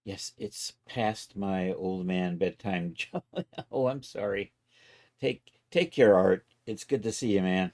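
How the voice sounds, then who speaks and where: A man casually talking himself through each step of a software task on a live stream, loose and self-mocking. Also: low voice, takes it slowly. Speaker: livestreaming 3D content creator.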